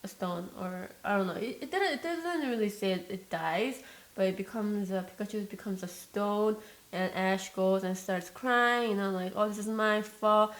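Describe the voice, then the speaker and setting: A woman's voice: medium pitch, moderate pace. A young woman talks casually in a mukbang-style vlog, telling stories in a rambling way full of fillers and false starts. She grows emotional easily, and a faint static crackle runs under her voice. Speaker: mukbang vlogger. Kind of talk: casual chat while eating. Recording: staticky mic noise.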